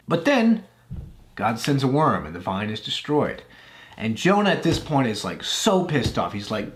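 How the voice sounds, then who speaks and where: A man hosting a video review, talking casually about a scripture passage and filling pauses with lots of "you know" and "uh". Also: mid-range voice, big pitch swings. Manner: conversational, many fillers like "you know" and "uh". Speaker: YouTube host reviewing Bible books. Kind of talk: casual video commentary after reading scripture aloud.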